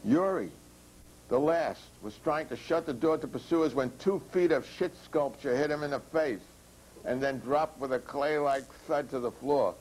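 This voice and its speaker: Author reading his own chapter aloud, dry and steady, deadpan. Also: mid-range voice, normal speed, breathy edge, low-quality recording.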